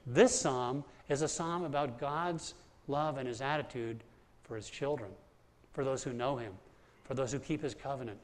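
A man's voice: medium pitch, moderate pace. A man preaching an earnest sermon to a congregation, often repeating words as he builds his points. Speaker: pastor. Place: church hall with congregation.

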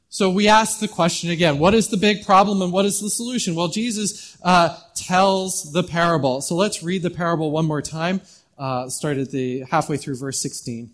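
A man preaching a sermon as a pastor, conversational and often repeating words as he restarts. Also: on the high side. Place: church hall.

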